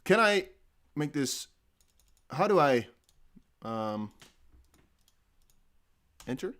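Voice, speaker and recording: A man's voice: fairly high pitch, very animated, extremely slow, fairly bright tone. A man hosting a casual live stream, chatty and jokey, thinking aloud with many fillers. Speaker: crypto livestream host.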